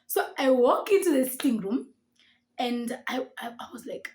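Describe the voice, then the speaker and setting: A woman with a Kenyan accent, telling a story straight to camera. Her voice sits a little high, and she acts out every line of dialogue with a lot of life. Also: big pitch swings, normal speed, darkish tone. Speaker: vlogger.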